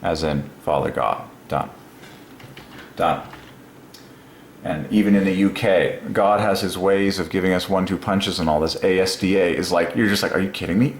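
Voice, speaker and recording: A man hosting his own video channel, talking through an excited solo monologue that rambles, exclaims and breaks into chuckles. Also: deep voice, moderate pace, gravelly. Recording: roomy echo with faint ambience.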